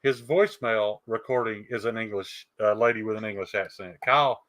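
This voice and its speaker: A man's voice: lowish voice, brisk, a bit bright, no room sound. An American man chatting casually, laid-back and curious, laughing easily. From United States. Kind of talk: casual chat.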